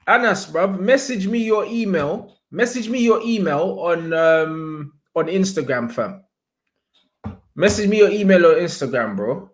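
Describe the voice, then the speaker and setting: A young man hosts a casual livestream. He talks in a slightly higher voice, packed with slang, and keeps shouting out his viewers. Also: animated, a little slow. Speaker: livestream host.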